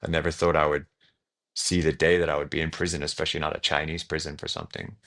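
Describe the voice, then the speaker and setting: A man's voice: extremely low pitch, flat delivery, quick pace, vocal fry, a bit bright. A young Australian man, a podcast guest, telling his story in a loose, rambling way full of likes and ums. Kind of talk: casual storytelling in an interview.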